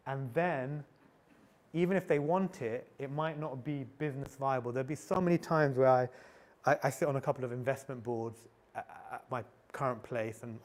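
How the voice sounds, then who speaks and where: A middle-aged man giving a candid, anecdote-filled talk at a tech meetup, often restarting and repeating words as he goes. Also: medium pitch. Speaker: conference speaker.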